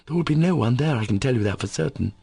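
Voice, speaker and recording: A man's voice: medium pitch, animated, quick pace, vocal fry, dark tone, slightly rough, no room sound, voice pushed up. A man voicing an earnest young man in an audiobook, who speaks with urgent emphasis. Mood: insistent. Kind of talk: audiobook character voice.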